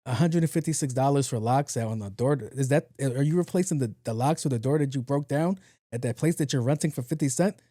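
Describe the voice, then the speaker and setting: A man hosting a podcast in a casual monologue, talking low and evenly, blunt and profane. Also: fast talker, no room sound, studio quality. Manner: low-key, talks in a low even voice. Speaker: podcast host.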